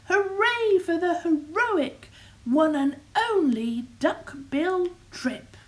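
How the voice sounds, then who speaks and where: A cheerful herd of duck-billed dinosaurs hoots out greetings in a very high, bouncing storybook voice, as a woman reads them aloud. The calls swing widely in pitch and are drawn out slowly. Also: animated, exaggerated voice, low-quality recording. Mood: cheering. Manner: bright hooting chorus.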